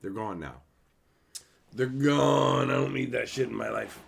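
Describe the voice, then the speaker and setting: A man's voice: fairly low pitch, expressive, quick pace, gravelly, background noise. A man hosting a casual livestream, rambling and mocking with lots of swearing as he answers viewers in chat. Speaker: livestream host.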